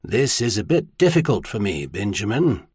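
Casting: male narrator doing a calm older archbishop, measured and husky, audiobook reading. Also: lowish voice, dry recording, studio quality, exaggerated voice. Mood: grave. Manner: mild, measured, then grave. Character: older male archbishop, mild and knowing, old friend.

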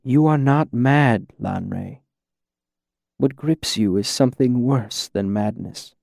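A man voicing a grave, troubled male lord who speaks quietly and softly. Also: mid-range voice, slow pace, vocal fry, no room sound, studio quality. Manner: quiet and soft-spoken, grave. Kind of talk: audiobook character voice.

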